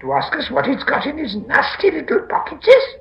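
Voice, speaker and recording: A man voicing Gollum, a slimy male cave creature, in a shrill, hissing, whiny voice, on a slightly dull recording. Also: huge pitch swings, brisk, roomy sound, full character voice. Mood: whining.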